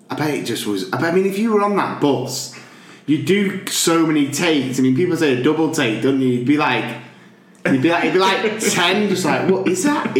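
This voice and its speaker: Lively, playful man. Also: fairly high pitch, roomy sound. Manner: playful, quick to tease and do silly voices. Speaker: podcast co-host. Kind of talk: casual chat.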